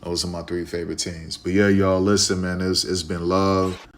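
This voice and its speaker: A man's voice: low voice, level tone, normal speed. A man from Chicago streaming live, talking casually and repetitively to his viewers, with a preachy way of speaking.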